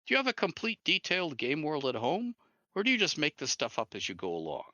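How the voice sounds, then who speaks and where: A man voicing an eager young male game-company staffer on a phone call, brisk and chatty. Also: a little high, wildly swooping pitch, bright, forceful tone, no echo, pitched above the performer's own voice, heavily acted.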